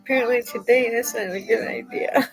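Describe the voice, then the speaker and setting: A woman's voice: a little high, gravelly, low-quality recording. An older woman hosting a casual live-stream chat from home, chatty and laughing often. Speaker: host.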